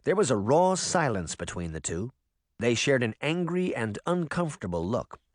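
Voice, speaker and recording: Male narrator for a storybook, mid-pitched, lively delivery, dry studio read. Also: moderate pace, no room sound. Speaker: audiobook narrator.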